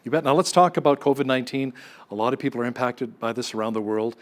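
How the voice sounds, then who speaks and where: A man with an average-pitched voice anchors a TV news segment from the studio. He introduces his guest and poses questions in a clear, conversational way. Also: fast. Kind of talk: TV news interview.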